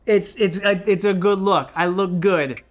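A man's voice: high-pitched, a little slow, slight background noise. A man in his thirties, a former child actor, reviewing his old outfits in a playful, self-mocking casual vlog.

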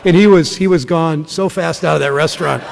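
A man in his fifties from Ohio, a senator giving a speech to a conference audience, telling stories in a folksy way with halting restarts. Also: fairly high pitch, a crowd in the background. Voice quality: gravelly voice. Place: large conference room. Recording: long hall reverb.

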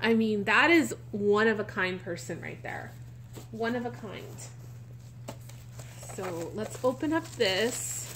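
A woman vlogger chatting casually and gushing excitedly while she opens a box of baby items. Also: medium pitch, slow, a little hiss or hum. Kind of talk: casual unboxing chat.

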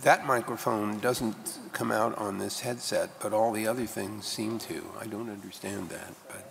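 Gravelly lowish man, wry panelist, reverberant hall, faint noise. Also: fairly even intonation, moderate pace, fairly bright tone. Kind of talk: conversational aside on a panel. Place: large conference hall.

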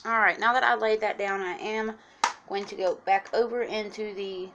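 Chatty woman makeup vlogger, mid-pitch voice, casual tutorial patter, slight background hiss. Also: steady tone, moderate pace, dull audio. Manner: chatty, instructive, addresses viewers as guys.

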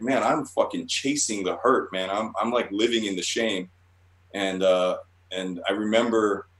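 Rambling, profane man in a roomy space. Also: fairly low pitch. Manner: rambling, profane, stammering restarts. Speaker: guest artist. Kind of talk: casual storytelling interview.

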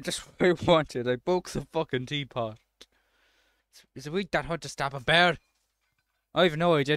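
A man's voice: mid-range voice, normal speed, fairly bright tone, smooth, dry recording. A man doing let's-play commentary, swearing and breaking into frustrated outbursts at the game.

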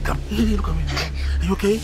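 Nigerian actor as a soothing, flustered rescuer, over a heavy film score. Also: male voice, high voice, rapid-fire, lightly acted. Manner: stammering, soothing. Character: kind, flustered rich man helping a lost child. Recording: film soundtrack with loud music.

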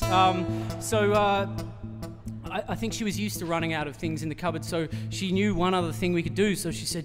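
An Australian man performing live pauses between songs to tell the audience a rambling comic story, poking fun at himself and restarting often amid fillers. His voice is high and his speed normal. Music plays in the background of this reverberant concert-hall recording.

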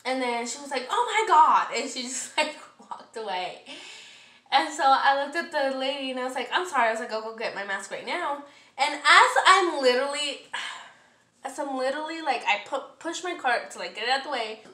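Woman vlogger cussing her way through a storytime rant, high bright voice, kinda far from the mic in an echoey kitchen. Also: normal speed. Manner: heavy profanity, animated, exasperated. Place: home kitchen, cooking.

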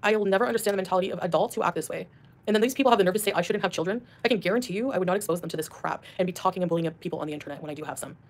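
Rapid-fire ranting woman. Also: on the low side. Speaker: streamer. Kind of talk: ranting livestream clips.

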